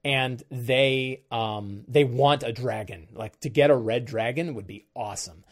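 Hosting a live stream on game prep, this middle-aged game master muses out loud in a casual way and frequently fixes his sentences partway through. He speaks at a measured pace in a mid-range voice.

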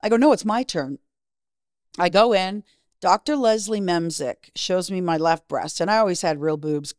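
A woman's voice: on the low side, no room sound, clean studio sound. A woman in her fifties, a guest in an interview, telling her story bluntly, swearing freely and acting out what people said.

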